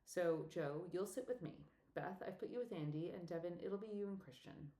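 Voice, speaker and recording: A woman's voice: lowish voice, normal speed, dark tone, natural voice. A woman narrator voicing a bossy, pointed young woman handing out seat assignments. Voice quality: pointed, controlling. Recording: echoey room.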